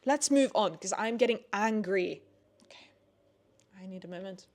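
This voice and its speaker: Una giovane donna che recensisce libri in un vlog informale. Parla in modo chiacchierone, con tanti intercalari, e impreca senza problemi. Ogni tanto si lascia andare a sfoghi animati. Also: female voice, medium pitch, normal speed, slight background noise. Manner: chatty, heavy use of "like", swears when annoyed; animated, rising into ranting bursts. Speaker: book vlogger. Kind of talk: casual book review vlog.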